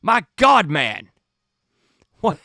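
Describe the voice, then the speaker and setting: A haughty upper-class passenger scolds in a high, swooping, bright voice, as a man puts him on for a tabletop game. He sneers and blusters at every word. The sound is dry and close. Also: wildly swooping pitch, extremely slow, dry recording, full character voice. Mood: outraged. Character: indignant posh male passenger, haughty and sneering.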